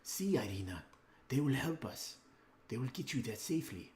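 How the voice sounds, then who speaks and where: A man voicing a solemn, protective older brother who speaks slowly and formally, pleading for help. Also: mid-range voice, sing-song, a little mellow, slight background noise, pitched above the performer's own voice, lightly acted. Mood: relieved. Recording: roomy echo.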